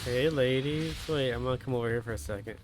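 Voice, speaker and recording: A man's voice: medium pitch, quick pace, over music. A man streaming a game, making offhand, joking asides as casual commentary.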